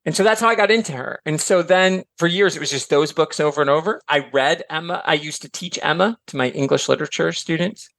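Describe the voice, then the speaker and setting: A middle-aged man from Michigan chatting as a podcast guest, animated and filler-heavy, slipping into voices for quotes. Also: on the high side, a little fast, vocal fry, few pauses, no echo. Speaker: podcast guest, author and educator. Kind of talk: casual chat.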